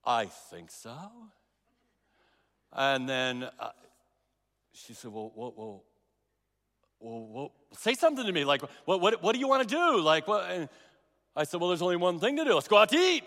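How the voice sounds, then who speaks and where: A middle-aged man preaches in a high voice, circling back and repeating phrases for emphasis as he tells a story. His voice rings out through the long reverb of a large hall. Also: fairly bright tone. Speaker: pastor. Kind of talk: sermon.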